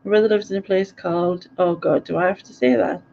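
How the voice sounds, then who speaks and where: A woman's voice: fairly low pitch, lively intonation, fast talker, mellow, a little hiss or hum. A middle-aged woman, chatting casually on a live stream and answering viewer comments, giggling often and tripping over place names. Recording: dull lo-fi audio.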